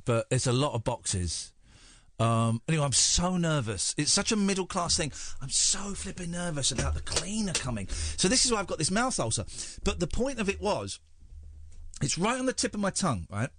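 A man's voice: on the high side, sing-song, normal speed, fairly bright tone, dry recording. A man with an English accent hosting a radio show, rambling and self-mocking in casual chat. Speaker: radio host.

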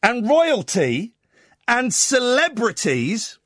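A man's voice: extremely high pitch, wildly swooping pitch, slow pace, fairly bright tone, no room sound, clean studio sound. A man hosting a radio show, delivering a comic, mock-outraged rant and humming bits of tunes. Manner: incredulous, ranting, mock-outraged; sings and hums snatches of tunes. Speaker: radio host.

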